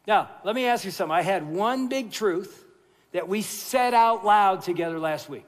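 High-pitched guy pastor, jokey animated storytelling sermon, long echo of a big church. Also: moderate pace. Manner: animated, jokey storyteller who turns quiet and earnest. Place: large church sanctuary. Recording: long reverb of a large church hall.

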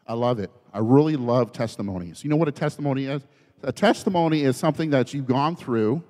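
A man preaching a sermon in a church, dropping to hushed, quiet lines and then rising to raised, fervent ones. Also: mid-range voice. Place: church sanctuary. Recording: church hall with long reverb.

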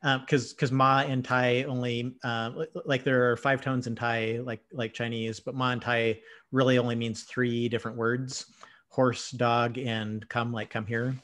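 A man hosting a relaxed conversation, with a voice of ordinary middle pitch. He keeps tripping over his words and repeating himself as he hurries to get his point out. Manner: stammering, many quick restarts. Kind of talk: casual conversation.

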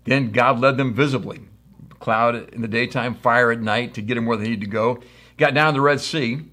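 Preaching in a conversational style, a middle-aged American pastor tells stories and acts out the quotes. He speaks at a medium pitch and moderate pace, his tone steady yet pushed and bright.

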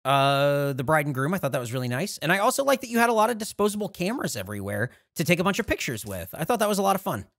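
A man chatting on a podcast in an easygoing way, adding joking asides. His pitch moves in a lively way. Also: racing, vocal fry, hardly any pauses. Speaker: podcast co-host. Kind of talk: casual podcast chat.

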